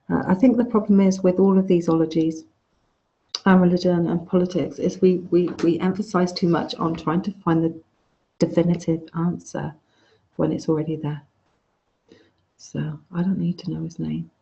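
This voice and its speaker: Gravelly-voiced woman teaching online. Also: on the low side, fairly even intonation, normal speed, pauses often, dark tone. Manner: chatty, frank, restarts phrases. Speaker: course teacher. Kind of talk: casual online lecture. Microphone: video call. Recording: dull lo-fi video call audio.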